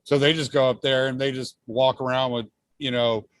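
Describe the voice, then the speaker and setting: A man's voice: medium pitch, flat delivery, moderate pace, no echo. A man hosting a podcast, talking in a rambling, easygoing way with frequent laughs. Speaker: podcast host. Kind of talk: casual podcast chat.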